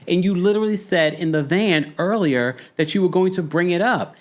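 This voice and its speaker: A man's voice: high voice, expressive, fairly quick. A man hosting a casual commentary show, reading viewer messages aloud and reacting with laughs. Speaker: host.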